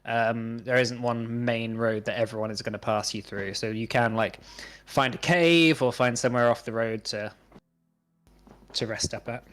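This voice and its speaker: A man's voice: mid-range voice, fairly even intonation, normal speed, a bit bright, faint music behind. A man narrating as game master of a tabletop game, hesitant, with many fillers and restarts.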